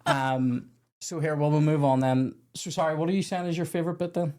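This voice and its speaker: A man's voice: a little high, a little fast, warm tone. Rambling man hosting a film chat. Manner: rambling, swearing, self-interrupting. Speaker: podcast host. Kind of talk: casual film review chat.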